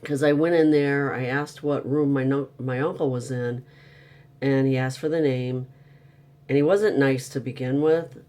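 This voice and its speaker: A man's voice: mid-range voice, steady tone, a little slow, mellow. A man telling a frustrating story in a casual, upset monologue, venting and exasperated. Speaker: vlogger.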